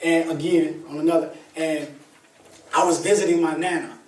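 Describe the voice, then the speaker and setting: A man speaking as a motivational speaker, telling a personal story to an audience in an animated, colloquial way with laughter. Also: on the high side, moderate pace. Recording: echoey room, distant mic, faint ambience.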